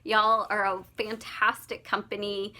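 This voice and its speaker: A woman's voice: medium pitch, flat delivery, unhurried, pushed and bright. A young woman chatting through an unboxing vlog, gushing and laughing often. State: slightly out of breath after walking dog. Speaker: vlogger.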